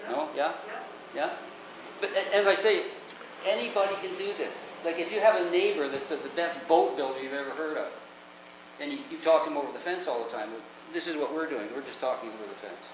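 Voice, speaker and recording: An older man, hosting and telling rambling, chatty stories with lots of restarts. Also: fairly high pitch. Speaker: host. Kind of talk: casual anecdotal storytelling. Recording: echoey room with background noise.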